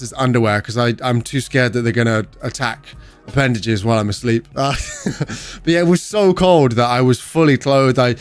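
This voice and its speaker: A British man chatting casually with viewers during a gaming livestream, relaxed and swearing freely. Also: medium pitch.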